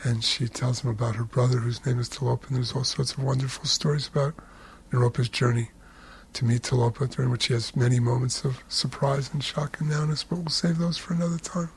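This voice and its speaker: A man telling a spiritual story in a relaxed, conversational way, with humorous asides. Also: medium pitch, fairly quick, slight background noise.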